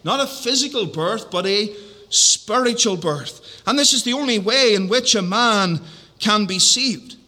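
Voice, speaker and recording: A man preaching an evening sermon in a church, measured and emphatic, repeating key phrases and drawing out important words. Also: high voice, animated, sharp tone. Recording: long hall reverb.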